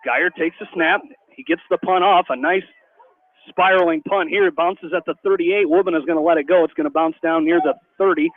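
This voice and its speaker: High-voiced radio play-by-play man. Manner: rapid, rising excitement on big plays. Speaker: play-by-play announcer. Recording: tinny phone-like radio broadcast with faint hiss.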